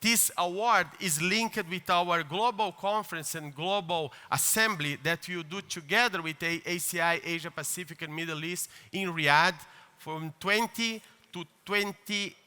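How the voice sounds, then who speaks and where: A man delivers an earnest keynote in a large conference hall. His voice sits high and sounds very bright. A long hall reverb trails each phrase. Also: unhurried, clear, resonant tone. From Brazil. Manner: earnest, with hesitant fillers and restarts. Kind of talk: formal conference speech.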